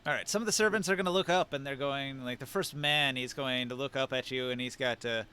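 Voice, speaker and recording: Male game master, smooth, clear voice, narrating scenes and pausing to find words. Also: mid-range voice, pushed and bright.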